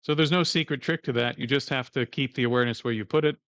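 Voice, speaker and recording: A man's voice: mid-range voice, fast, creaky, fairly bright tone, no room sound, studio quality. Casual plain-spoken male meditation teacher. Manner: casual, plain-spoken, curses now and then. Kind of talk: livestreamed meditation class.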